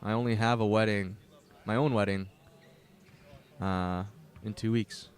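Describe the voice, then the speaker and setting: A man's voice: lowish voice, fairly even intonation, a little slow, pauses often. A young Canadian man doing casual play-by-play commentary on a livestreamed basketball game, joking to viewers between plays. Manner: chatty, joking asides to viewers. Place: gym at a basketball tournament.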